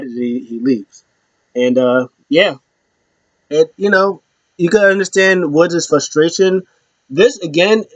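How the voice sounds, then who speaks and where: A man's voice: fairly high pitch, dry recording, lo-fi sound. A man hosting his own show, giving a casual, rambling recap with many restarts. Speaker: show host.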